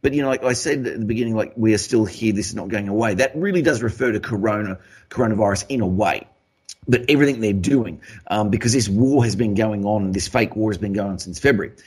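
A man's voice: lowish voice, quick pace, husky. An Australian man hosting a talk podcast, ranting emphatically and swearing as he talks. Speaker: podcast host. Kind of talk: casual conspiracy talk show.

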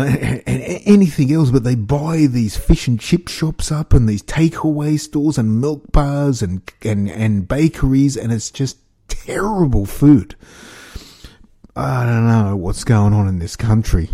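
A man's voice: medium pitch, mellow, husky. An Australian man rambling through a casual monologue to his viewers, with an incredulous, chuckling way of talking. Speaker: vlogger.

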